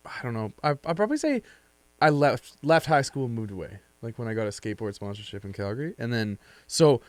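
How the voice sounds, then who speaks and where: A young man co-hosts a podcast, joking and needling the others. His pitch swings widely as he tells stories. The recording is dry and close. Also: sing-song, a little fast, dry recording. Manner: playful, teasing, swings in pitch. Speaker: podcast co-host. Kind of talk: casual chat.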